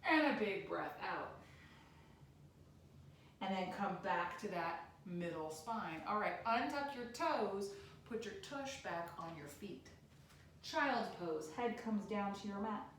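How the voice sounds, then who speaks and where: A woman teaching a yoga class for children, giving gentle sing-song instructions. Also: mid-range voice, animated, slow, a little hiss or hum. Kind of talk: guided kids' yoga class. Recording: echoey room, distant mic.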